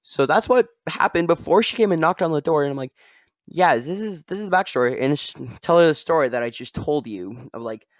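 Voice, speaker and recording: A man hosting his own podcast, telling a story casually and rambling, often tagging sentences with a quick "all right?". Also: on the high side, animated, no echo, studio quality. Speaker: podcast host.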